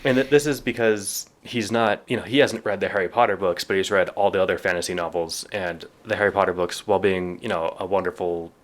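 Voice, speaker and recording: Male podcast co-host, low voice, easygoing book chat with read-aloud quotes. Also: fairly quick, hardly any pauses. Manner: reads passages aloud with lively quoted voices, chuckles often. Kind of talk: casual book discussion.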